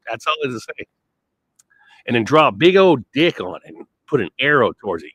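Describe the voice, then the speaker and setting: A man's voice: fairly high pitch, lively intonation, moderate pace, a bit bright, poor audio. A man rambling through a blunt, profane monologue, swearing constantly and trailing off before picking his thread back up. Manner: wandering, trails off and restarts.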